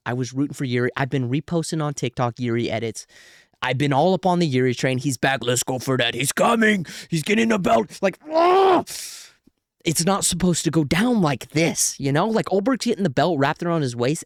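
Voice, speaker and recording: Excitable man breaking down fights. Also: fairly high pitch, dry recording, clean studio sound. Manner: excitable, bursts into shouts and groans. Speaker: MMA commentator and video host. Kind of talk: casual post-fight breakdown.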